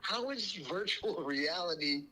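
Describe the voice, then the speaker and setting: Dry, skeptical man with a bright voice. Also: high-pitched, expressive, unhurried, rough recording. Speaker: caller. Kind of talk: casual chat on a call.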